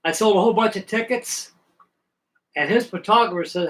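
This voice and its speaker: A man's voice: sits high, poor audio. An older man with Southern roots, telling long folksy stories from his past in a rambling, casual way on a live stream. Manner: folksy, rambling, drawn-out reminiscing. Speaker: livestream host. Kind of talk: rambling storytelling chat.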